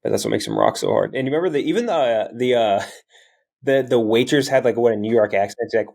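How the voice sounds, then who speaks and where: A man's voice: medium pitch, sing-song, brisk, vocal fry, a little mellow. A man co-hosting a movie podcast, speaking emphatically with frequent swearing and mockery. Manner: emphatic, profane, mocking. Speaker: podcast co-host. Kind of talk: casual chat.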